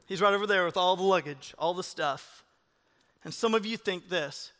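A middle-aged man, a pastor, preaching a sermon with animated, jokey storytelling. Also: high-pitched, moderate pace, big-room sound.

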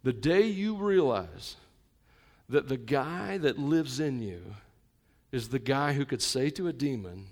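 A male pastor preaching to a live congregation, conversational with joking asides, swinging between loud emphatic lines and quiet intimate ones. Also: mid-range voice, expressive, slow pace. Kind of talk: sermon.

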